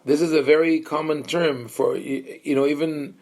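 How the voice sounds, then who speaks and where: A man's voice: fairly high pitch, steady tone, normal speed, darkish tone. A man, a rabbi, leading a Bible study lecture in a thoughtful, explanatory way, with many fillers and restarts and questions to his listeners. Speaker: rabbi teaching a class.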